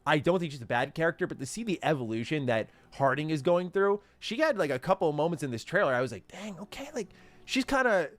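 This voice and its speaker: A man's voice: a little high, lively intonation, fast talker, few pauses. A man giving casual video commentary on a game trailer, enthusiastic and rambling, with many fillers. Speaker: gaming commentator.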